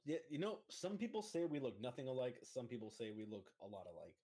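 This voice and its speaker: Woman, casual chat, teasing, lively deep voice. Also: fast talker, husky. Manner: teasing, laughs often.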